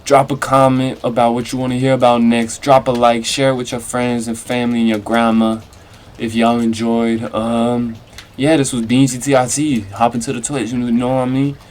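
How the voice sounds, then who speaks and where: A young man tells a story straight to his audience in a loose, rambling way. He talks in heavy slang and stays animated and chatty throughout. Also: medium pitch, normal speed. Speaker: streamer telling a story. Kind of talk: casual storytime monologue.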